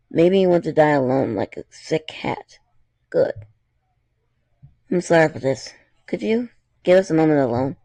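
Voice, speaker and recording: A man's voice: a little high, creaky, mellow, no room sound. A man reading fan fiction aloud, with chatty, apologetic asides between the passages.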